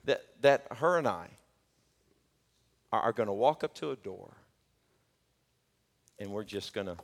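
A male pastor preaching a sermon, swinging from shouted peaks to joking, chatty asides. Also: lowish voice, expressive, a little slow, creaky. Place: church sanctuary. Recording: long church hall reverb.

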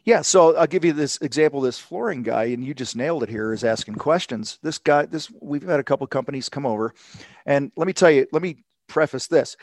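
Animated storytelling man, dry sound. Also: medium pitch, brisk, no echo. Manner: animated storytelling, acts out quotes. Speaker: sales coach guest. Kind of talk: casual podcast conversation.

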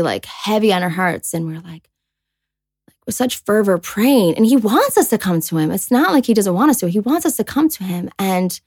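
A woman's voice: medium pitch, darkish tone, dry recording. A woman co-hosting a casual faith podcast, reading scripture aloud and reflecting on it in an earnest, chatty way with many "like"s. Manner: chatty and earnest, many "like"s, voices quoted people. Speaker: podcast co-host.

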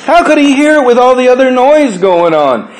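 A man preaching a sermon in a conversational way, asking rhetorical questions and swinging between raised emphatic lines and hushed low ones. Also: very animated, moderate pace, poor audio. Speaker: pastor.

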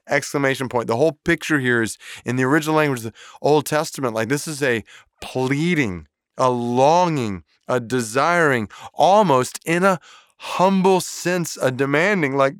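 A man's voice: medium pitch, a little slow, no echo, studio quality. Earnest man giving a devotional. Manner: earnest, pleading, frequent "like" fillers. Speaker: pastor. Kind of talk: devotional talk and prayer.

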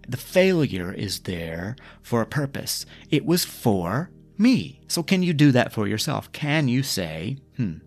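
Podcast host, male, low gravelly voice, gentle coaching delivery with faint music under it. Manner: gentle, coaching, asks the listener questions. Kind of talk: reflective self-help talk. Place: lives in Scotland.

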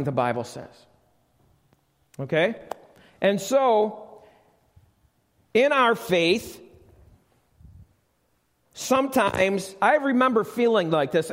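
Captured live with long reverb, this clip features a middle-aged preacher whose high voice sounds a bit bright. He gives a conversational sermon in the church sanctuary, questioning his congregation.

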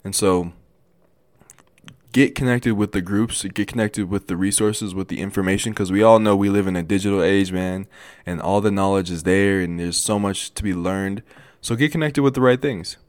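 A young man speaks in a low, earnest register, hosting a motivational podcast on his own. He talks casually to his listeners and stumbles over words now and then. The recording is dry, with no room sound. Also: no room sound. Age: young adult. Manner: halting, with restarts and stutters. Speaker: podcast host. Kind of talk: motivational solo podcast talk.

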